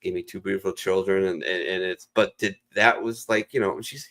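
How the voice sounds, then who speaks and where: A middle-aged man with a lowish voice rambles through a story in loose casual chat. He swears freely and drops into quick voices for the people in his tale. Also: steady tone, pushed and bright. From Ohio region. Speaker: podcast regular.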